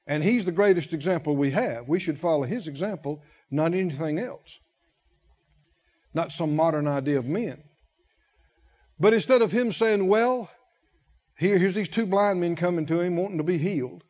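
A man preaching a sermon, emphatic, repeating key words with long pauses. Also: on the high side, a little mellow, muffled recording.

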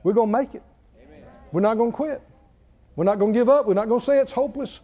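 A man preaching a sermon with passion, swinging from quiet low passages to loud peaks. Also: quick pace. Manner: impassioned, rising to loud peaks and dropping low. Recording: dull lo-fi sound.

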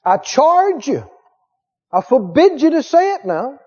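A man preaching a sermon in a church hall, emphatic, with repeated phrases and drawn-out stresses, recorded on dull lo-fi tape. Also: very high voice, big pitch swings, dark tone.

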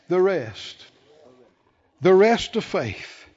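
A man preaching a sermon, acting out the people in the story and swinging from quiet talk to shouting. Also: sits high, very animated, slow. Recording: dull lo-fi sound with long hall reverb.

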